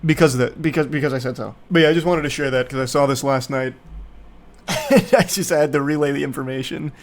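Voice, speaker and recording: A man's voice: medium pitch, a little fast. A man from the United States, a streamer, ranting about a movie in a casual, sarcastic and profane way. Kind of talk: casual movie review rant.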